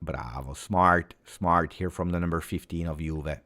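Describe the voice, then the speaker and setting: A man giving live football reaction commentary, excitable play-by-play mixed with exclamations. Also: low voice, unhurried. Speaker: football watch-along streamer.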